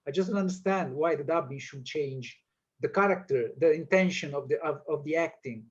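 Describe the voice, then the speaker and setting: Animated Italian man, lo-fi call audio. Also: on the high side, a little fast, husky. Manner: animated, hesitant non-native English with many restarts. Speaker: film director. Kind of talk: casual interview conversation.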